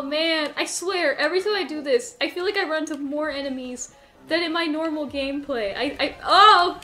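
A woman's voice: sits high, a bit bright. A woman hosting her own video game playthrough, chatting casually and nervously, laughing and talking to her character as she plays. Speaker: gaming channel host. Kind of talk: casual let's-play commentary.

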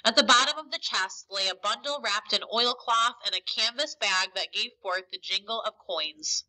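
Very bright teacher reading aloud. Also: female voice, medium pitch, moderate pace, low-quality recording. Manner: expressive storytelling. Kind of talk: reading a novel aloud for a lesson.

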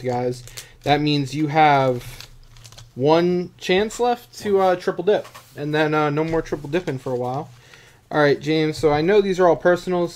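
A man's voice: a little high, darkish tone. A man hosting a live card-breaking stream in casual, self-mocking chat with a dry throat. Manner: joking, self-mocking, chatty.

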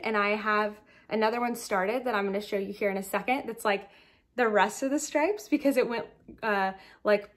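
A woman hosting a knitting podcast, chatting casually and rambling with giggly asides while showing her projects, in a groggy morning voice. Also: mid-range voice.

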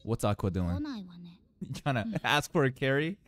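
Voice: mid-range voice, moderate pace. Wildly swooping anime reaction host. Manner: animated, laughing, talking back at the screen. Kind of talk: live reaction commentary.

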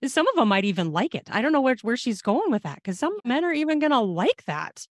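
A woman hosts a casual podcast chat, laughing often and jumping in to agree. Her pitch moves about a lot as she talks, and the sound is close and dry. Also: big pitch swings, a little fast, dry recording. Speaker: podcast host.

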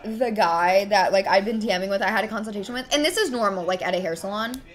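A woman's voice: mid-range voice, quick pace. A young woman streamer in casual chat, telling a story in a rambling way. She sounds hurt and frustrated, fills her talk with fillers and swears as she vents.

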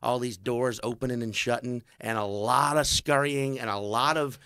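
Man spinning a comic yarn, lively voices for each character, dry close mic. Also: medium pitch, normal speed, smooth, dry recording. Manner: animated, acts out voices of people in the story. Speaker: comedian telling a story. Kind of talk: casual storytelling on a comedy podcast.

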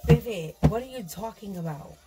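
A woman's voice: medium pitch, expressive, normal speed, over loud music. A tired woman giving a casual tarot reading, loose and laughing, swearing and slipping into whispers. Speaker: tarot reader.

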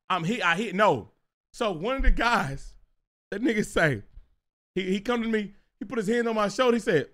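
Young Texan man, high, bright, animated storyteller who laughs through his story. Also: moderate pace. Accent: Houston, Texas. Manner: animated, laughing, drops into a deep voice to quote others. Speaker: streamer. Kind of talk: casual storytelling.

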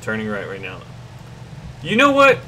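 A man's voice: fairly low pitch, wildly swooping pitch, a little slow, pushed and bright, far from the mic, slight background noise. A young man hosting a casual gameplay session with friends, joking and bantering over voice chat. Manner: joking, banters and puts on a mock British voice. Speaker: gaming channel host.

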